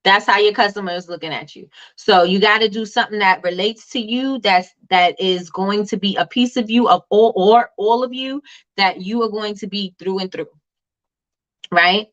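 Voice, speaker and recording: A woman hosting a live business tips stream, chatting casually and reading viewer comments in a loud, animated way. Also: mid-range voice, normal speed, highs cut off. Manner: loud, animated and repetitive, talks straight to viewers.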